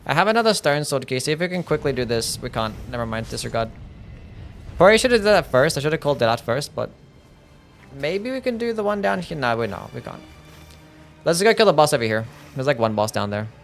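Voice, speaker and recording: Faint music plays behind a young male streamer whose creaky, sing-song voice sits on the high side and moves at a quick pace. He chats casually while gaming, cursing and reading viewers' messages out loud.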